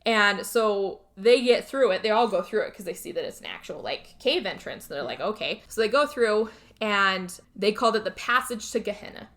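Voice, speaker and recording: A woman co-hosting a podcast casually recaps a film's plot, acting out lots of lines and swearing now and then. Her mid-range voice is animated and fairly bright, at a moderate pace.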